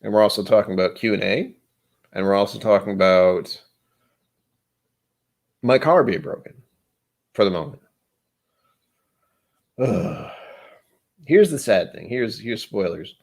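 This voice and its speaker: Low-ish guy rambling on his stream, jokey and kinda self-deprecating. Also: animated, measured pace, vocal fry, pauses often. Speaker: livestream host. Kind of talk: casual livestream chat over whiskey.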